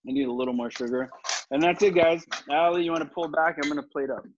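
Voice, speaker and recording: A man runs a live online cooking class with chatty confidence, explaining each step as he works and fielding questions as they come in. His voice sits a little high for a man. The sound is a slightly dull video call with a faint hiss behind it. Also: quick pace. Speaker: chef teaching a cooking class.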